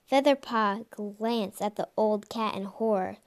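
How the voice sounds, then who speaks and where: A woman's voice: medium pitch, measured pace, few pauses. Woman reading a storybook aloud. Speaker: audiobook reader. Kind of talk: storybook narration.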